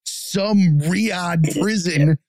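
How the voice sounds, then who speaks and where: A man's voice: high voice, darkish tone, no room sound. A man in casual podcast chat, talking bluntly with plenty of swearing. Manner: blunt, profane, quick asides.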